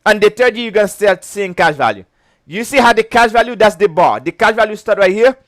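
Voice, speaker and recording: High-voiced chatty male instructor. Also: expressive, fairly quick, fairly bright tone, no room sound. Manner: chatty, keeps checking "okay?", breaks into giggles. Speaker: insurance licensing instructor. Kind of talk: casual whiteboard lecture.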